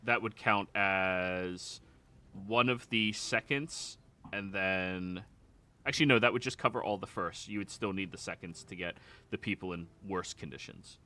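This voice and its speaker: A man's voice: sits low, unhurried, bright, forceful tone. A man running a live-streamed tabletop game as game master, chatty and laid back, laughing easily.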